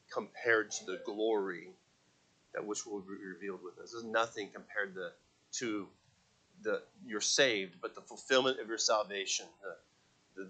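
A man preaching a sermon to a congregation, swinging from quiet, conversational stretches to loud, impassioned calls with repeated words. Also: fairly low pitch, husky. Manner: asks the congregation to read aloud with him. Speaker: pastor.

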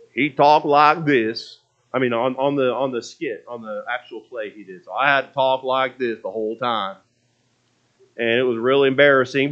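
A man's voice: mid-range voice, fairly bright tone, muffled recording. A man preaching a sermon in a conversational, storytelling way, often restarting his phrases.

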